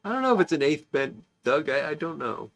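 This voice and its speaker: A man's voice: on the high side, big pitch swings, brisk, fairly bright tone, slight background noise. A man hosting a casual online pipe-smoking club, rambling through stories and chuckling as he reads out comments. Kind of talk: casual chat.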